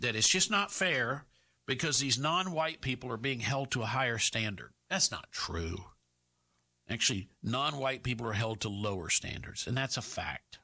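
A man's voice: medium pitch, sharp tone, slightly rough. A middle-aged man hosting talk radio, firing off combative rhetorical questions in an opinionated monologue.

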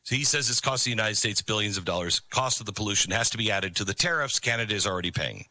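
A man's voice: on the low side, expressive, fast talker, bright, forceful tone. A man hosting a talk radio show, talking casually with lots of fillers and restarts and mocking others with sarcastic quotes. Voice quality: conversational, many fillers and restarts. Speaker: radio host. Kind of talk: talk radio monologue with read ad. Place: studio on a ranch.

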